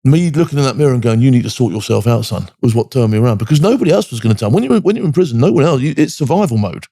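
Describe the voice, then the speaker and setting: A man's voice: mid-range voice, big pitch swings, rapid-fire, mellow, husky, dry recording, studio quality. A man over forty, a military veteran giving a candid interview, blunt and full of swearing, tagging his points with "do you know what I mean". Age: 40s or older.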